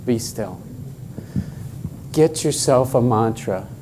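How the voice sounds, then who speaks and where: Speaking slowly and warmly, a middle-aged conference speaker leads a workshop with emphasis and jokes for the audience. His voice is mid-range and animated, and the recording carries a little hiss or hum.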